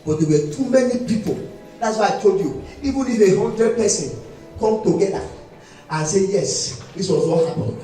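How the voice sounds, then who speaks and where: A male pastor preaching with a very high, swooping voice. He presses his points hard, sometimes shouting, sometimes half-singing a phrase. The sound is echoey and distant, with faint music behind him in the church hall. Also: lively intonation, normal speed. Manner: emphatic, preaching with bursts of shouting and sung phrases. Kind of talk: preaching a sermon. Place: church hall during a live service.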